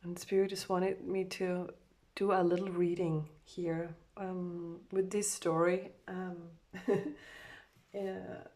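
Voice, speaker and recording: Groggy, slow, gravelly-voiced woman. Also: fairly low pitch, flat delivery, a little mellow. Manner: hesitant, loose, full of fillers and self-corrections. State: groggy, just woken up. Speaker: oracle card reader. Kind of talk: casual oracle card reading.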